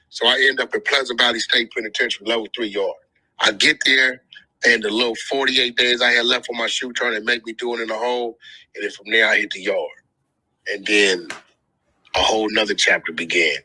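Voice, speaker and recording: La dude telling his story, bright husky voice, cussing and slang, dry sound. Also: medium pitch, fairly quick, dry recording, poor audio. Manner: profane, street slang, animated when joking. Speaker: storyteller guest on a group audio chat. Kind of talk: casual storytelling chat.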